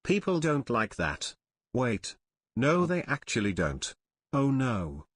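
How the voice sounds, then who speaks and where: A male co-host reads stream donations and their messages aloud. His delivery is plain and matter-of-fact, though his pitch moves about lively. The sound is close and dry. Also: takes it slowly, breathy edge, no room sound. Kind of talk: reading chat donations aloud.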